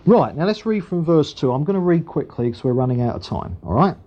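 A man's voice: a little high, very animated, fairly quick. A man preaching a sermon and reading scripture aloud. He talks in a conversational way, with frequent asides and tag questions. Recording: dull lo-fi recording.

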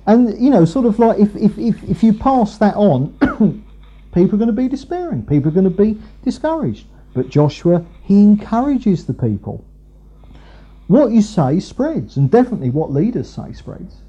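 Preacher guy, kinda high pitched, rambles w lots of fillers, husky. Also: sing-song, moderate pace, highs cut off. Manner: rambling, many fillers and restarts. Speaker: preacher, Bible teacher. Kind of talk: conversational sermon.

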